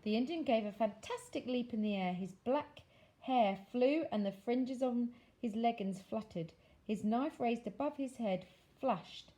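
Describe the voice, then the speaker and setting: A woman teacher reads a children's novel aloud, her storytelling expressive and measured, slowing down for dramatic phrases. Her voice is on the high side, and the audio quality is poor.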